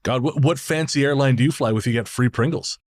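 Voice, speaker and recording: A man's voice: mid-range voice, brisk. A man from Canada co-hosting a podcast, chatting casually, telling stories with laughs and the odd swear. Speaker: podcast co-host. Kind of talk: casual chat.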